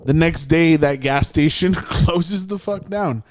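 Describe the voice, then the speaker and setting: There is a faint hiss or hum behind this fairly high-pitched man, who speaks slowly. Hosting a podcast, he tells a story loosely and with swearing, animatedly impersonating the people in it.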